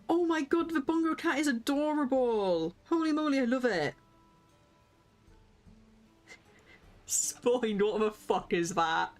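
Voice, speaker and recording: A woman, chatting excitably and giggling as she streams a game and talks to her viewers. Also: high voice, slow, long pauses, soft background music. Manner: excitable, giggly, reacts aloud and chats with viewers. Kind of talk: casual live-stream game commentary.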